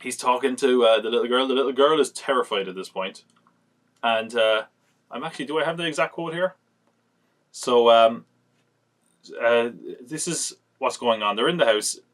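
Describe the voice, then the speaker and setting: A man's voice: mid-range voice, normal speed, pauses often, fairly bright tone. A man hosting a podcast, reviewing films in casual chat, rambling and acting out quotes as he retells scenes. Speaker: podcast host.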